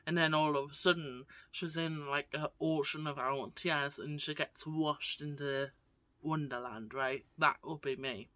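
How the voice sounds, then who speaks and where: A woman's voice: low-pitched, steady tone, measured pace, pushed and bright, no room sound. A woman vlogger chatting casually to camera, gushing and often tagging her sentences with "right?". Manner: gushing, keeps asking "right?".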